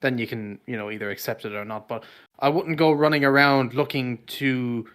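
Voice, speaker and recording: A man's voice: medium pitch, normal speed, a bit bright, clear, resonant tone. A man co-hosting a podcast, giving opinions in casual chat with many fillers.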